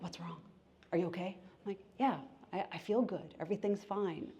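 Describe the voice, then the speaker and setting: A woman with a fairly low voice, who works as a therapist and life coach, gives an educational talk. She asks her audience questions and acts out little voices.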